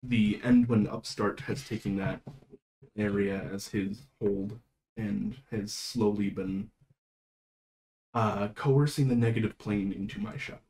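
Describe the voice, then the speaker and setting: A weary goddess of death, voiced by a man in a tabletop game, her words slow, quiet and measured. She speaks with a somewhat low voice and calm gravity, pressed on every side yet still composed. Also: poor audio. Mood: grave. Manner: slow, measured, softly spoken.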